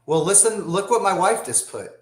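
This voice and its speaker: A man taking part as a guest on a casual livestream panel over a video call, animated and quick to defend himself when teased. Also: high-pitched. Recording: roomy echo.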